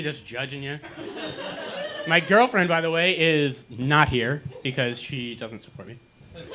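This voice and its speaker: A young man doing a stand-up comedy set on a small lounge stage, telling dark jokes in a deadpan way. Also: on the high side, noisy background. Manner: dark deadpan jokes, acting out pained groans.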